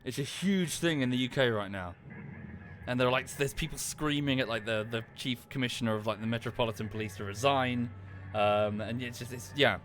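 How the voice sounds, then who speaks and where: Music runs under a British man's fairly quick, medium-pitched, slightly bright voice as he streams a game. The commentary is loose and chatty, peppered with swearing and frequent restarts.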